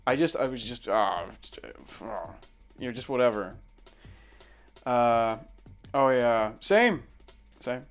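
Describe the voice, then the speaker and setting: A man's voice: mid-range voice, expressive, slow pace, long pauses, clear, resonant tone, faint music behind. A young man chatting casually while he draws, telling a crude story in a rambling way, full of restarts and laughing asides. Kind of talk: casual chat while drawing.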